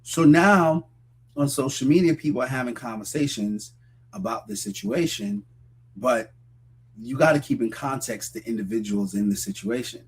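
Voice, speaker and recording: Husky man giving measured commentary. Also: mid-range voice, expressive. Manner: measured, moralizing, direct address. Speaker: host. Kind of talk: commentary to listeners.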